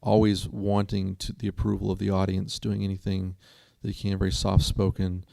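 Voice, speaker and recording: A man's voice: low-pitched, completely flat delivery, normal speed, creaky, mellow, dry recording, studio quality. A man co-hosting a casual talk show who tells stories in an earnest, rambling way. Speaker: co-host. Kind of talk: casual chat.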